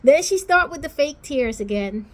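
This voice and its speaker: Woman, high voice, sassy and outspoken, casual vlog chat, small home office. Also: expressive, moderate pace. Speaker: vlogger reviewing TV shows.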